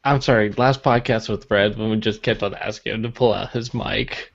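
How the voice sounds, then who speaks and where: A man hosting a casual podcast chat, relaxed and quick to laugh, asking the group questions. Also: on the low side, creaky, lo-fi sound. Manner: easygoing, laughs often, asks questions. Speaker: podcast host.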